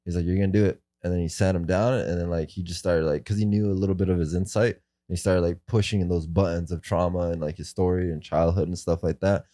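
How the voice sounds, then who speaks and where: A man with a deep, warm voice talks casually and at length, tumbling through his story with constant fillers and frequent swearing. The sound is dry and close. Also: fairly even intonation, fast talker, few pauses, no echo. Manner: rambling, fillers and profanity. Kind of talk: casual chat.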